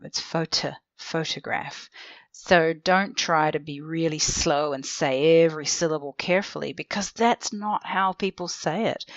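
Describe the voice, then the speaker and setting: A low-pitched woman talks through teaching methods in a relaxed, clear manner and tests ideas with quick yes-or-no questions. Her voice is captured dry and a little dull, with no room echo. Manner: casual, clear explaining with rhetorical questions. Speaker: language teacher trainer. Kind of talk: instructional podcast talk. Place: seated indoors.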